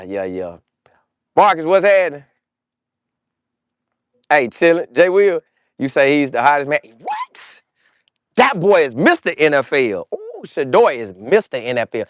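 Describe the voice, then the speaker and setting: A man hosting a casual sports commentary show, talking fast and slangy, reading live chat and acting out players' trash talk. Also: fairly high pitch, no room sound, studio quality. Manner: animated, slangy, mimics players in quoted voices. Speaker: show host.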